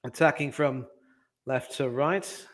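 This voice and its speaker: Measured man hosting a match chat. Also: medium pitch. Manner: measured, thoughtful, hesitant with fillers. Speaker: host of football watch-along. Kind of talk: casual match chat over video call.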